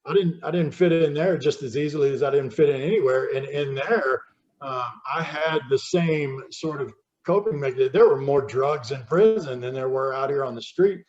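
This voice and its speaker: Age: 50s. Sex: man. Role: podcast guest. Pitch: average male. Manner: candid, halting storytelling that often repeats words. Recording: dull lo-fi podcast audio. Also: a little mellow.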